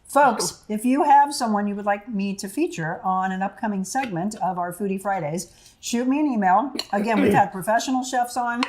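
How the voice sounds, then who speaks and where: A woman's voice: medium pitch, normal speed, a little mellow. A woman hosts a casual cooking segment in an upbeat, chatty way, often breaking into laughter. Her voice sits in a middle range. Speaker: TV show host.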